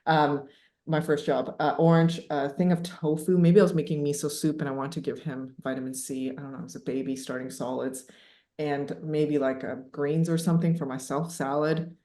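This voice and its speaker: A woman in her thirties telling a personal story as a podcast guest, animated and laughing, with many fillers. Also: low-pitched, normal speed. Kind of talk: casual storytelling interview. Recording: echoey room.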